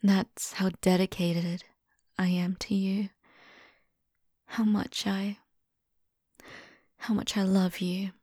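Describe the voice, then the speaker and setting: A young woman in a whispered role-play, voicing an obsessive, devoted young lover in a soft, intimate half-whisper. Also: medium pitch, flat delivery, slow pace, pauses often, dry recording, clean studio sound.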